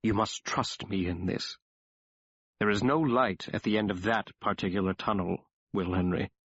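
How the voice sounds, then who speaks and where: A stern, brooding older scientist, as a male narrator plays him, low and hushed, weighing each solemn word. The audiobook recording is dull and dry. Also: no room sound. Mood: grave. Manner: grave, slow and solemn.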